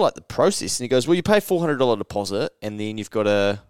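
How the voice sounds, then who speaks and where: A man's voice: lowish voice, lively intonation, quick pace, darkish tone, smooth, no echo, studio quality. A young man with a New Zealand accent, casually telling a story on a podcast, swearing freely and acting out quotes with jumps in his voice. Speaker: podcast co-host.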